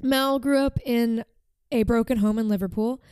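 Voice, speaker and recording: Brief: woman podcast host, casual storyteller, a bit high and smooth, dry sound. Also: fairly even intonation, normal speed, a little mellow, no room sound. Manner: chatty, frequent "like" fillers.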